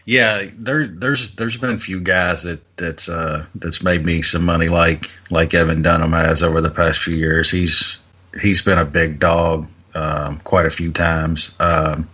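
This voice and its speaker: Podcast co-host, bright husky tone, hesitant delivery, lo-fi recording. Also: male voice, sits low, steady tone. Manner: halting, many fillers and restarts. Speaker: podcast co-host, fight picker. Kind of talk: casual podcast chat.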